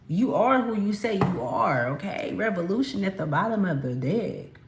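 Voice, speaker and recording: A woman's voice: mid-range voice, expressive, normal speed, hardly any pauses, background noise. A woman from California giving a casual spiritual card reading, talking emphatically to her viewers in a chatty, slangy way. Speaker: tarot card reader. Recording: echoey room.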